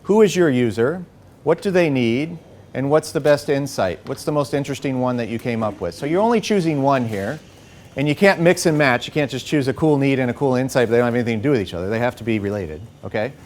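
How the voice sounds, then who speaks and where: A man leading a live workshop, coaching the group with an energetic manner and frequent "okay?" and "right?" check-ins. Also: medium pitch, quick pace. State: a bit out of breath. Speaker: workshop facilitator. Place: workshop room.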